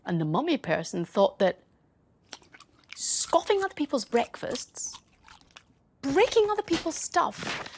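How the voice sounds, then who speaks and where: A woman reading a bedtime story for children, gentle, soothing and playful. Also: fairly high pitch, slight background noise.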